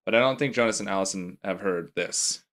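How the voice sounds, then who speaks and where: Podcast host guy, deadpan, crude jokes, runs the show. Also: sits low, a little fast. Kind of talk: casual chat.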